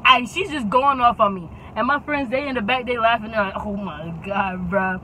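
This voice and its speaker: A young woman tells a story in a lively, dramatic way and often checks in with "okay?" Her voice is bright and forceful, with faint traffic from outside the car she records in. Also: a little high, brisk, low-quality recording. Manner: animated, dramatic, keeps adding "okay?". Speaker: YouTube storyteller. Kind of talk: casual storytime.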